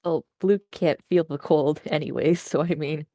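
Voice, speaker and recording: Woman tabletop player, low mellow voice, dry close sound, matter-of-fact. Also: fairly even intonation, normal speed, no echo. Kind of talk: casual tabletop game chat.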